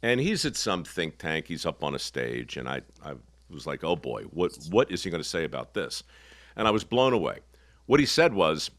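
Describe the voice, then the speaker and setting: A man's voice: on the low side, fairly bright tone, no room sound, studio quality. Folksy emphatic man hosting a podcast. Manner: folksy, teasing, emphatic storyteller. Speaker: podcast host. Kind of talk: casual conversational interview.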